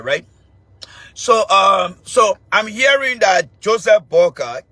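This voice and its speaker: A man's voice: high-pitched, husky, no room sound. A middle-aged man with a Liberian accent, hosting an online show with a loose, repetitive political monologue. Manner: mocking, laughing, shouting insults at a commenter.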